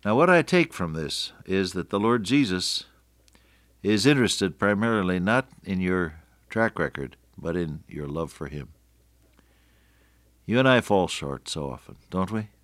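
An older man preaching a radio sermon, earnest, often slowing and dropping to a near-whisper for emphasis. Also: deep voice, expressive, a bit bright, no echo.

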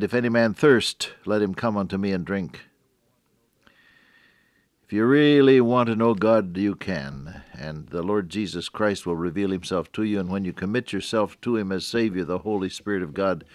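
An older man delivers a radio devotional sermon in a deep, low voice. He preaches earnestly, quoting scripture in old-fashioned wording and rising on key phrases. The recording is dry and close, with no room sound. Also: no echo.

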